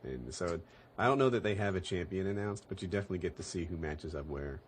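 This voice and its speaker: A man hosting a podcast in casual chat over an online voice call, rambling through animated explanations and laughing often. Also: sits low, quick pace, slight background noise. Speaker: podcast host.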